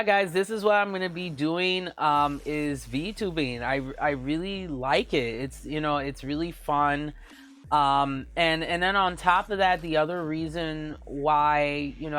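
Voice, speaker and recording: Hoarse, husky man rambling on a live stream. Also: a little high, a bit bright. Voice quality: husky, raspy. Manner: rambling, chatty, laughs often, many fillers. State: hoarse from a flu. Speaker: VTuber show host. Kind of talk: casual live-stream chat.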